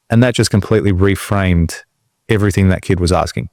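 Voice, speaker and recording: Earnest lower-voiced man. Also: a little fast, darkish tone, dry recording, studio quality. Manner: earnest, motivational storytelling. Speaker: podcast co-host. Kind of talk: casual podcast chat.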